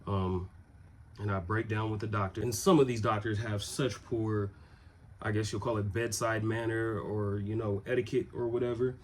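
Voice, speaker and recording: A young man telling a personal story in a loose, conversational way, with many pauses and restarts. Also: fairly low pitch, fairly even intonation. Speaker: vlogger.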